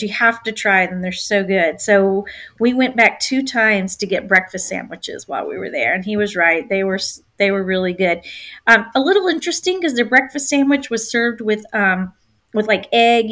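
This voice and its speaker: Woman travel agent guest: easygoing chatter, mid pitch, lots of ums while hunting for words. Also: a bit bright. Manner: chatty, many filler ums, searching for words. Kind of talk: casual chat.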